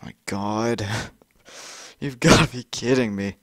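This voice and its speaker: A young man commenting on a frustrating video game he is playing, exasperated, swearing and yelling at it. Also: mid-range voice, slow, no echo. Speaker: gamer. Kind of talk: frustrated let's-play commentary.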